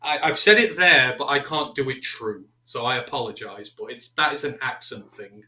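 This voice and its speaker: A man's voice: mid-range voice, moderate pace, sharp tone. A man co-hosting a casual sports talk show, giving long, detailed analytical answers. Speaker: co-host. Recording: echoey room.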